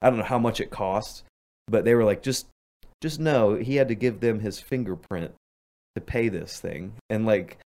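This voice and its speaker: A man's voice: on the low side, normal speed, warm tone. A young man telling rambling stories in casual chat with friends, full of fillers and laughs. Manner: rambling storyteller, lots of "like", laughs often.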